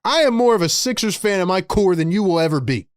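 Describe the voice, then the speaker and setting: A man on a live sports stream rants to his chat in a high, agitated voice, dropping "bro" into nearly every line. The sound is dry and close, with no room around it. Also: animated, quick pace, no room sound. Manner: frustrated, ranting, says "bro" a lot. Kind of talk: live stream fan rant.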